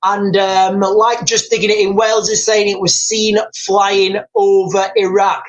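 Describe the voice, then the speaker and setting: A man's voice: high voice, little pitch movement, unhurried, rough recording. A man hosting a live news commentary stream. He rambles, repeats himself, speculates aloud and reads viewer comments and headlines off the screen.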